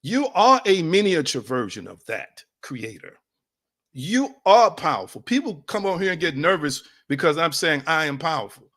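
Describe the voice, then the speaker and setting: A man's voice: a little high, very animated, moderate pace, a bit bright. A man preaching a sermon in a conversational, emphatic way, repeating phrases and calling on his listeners directly. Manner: conversational, addresses audience as y'all.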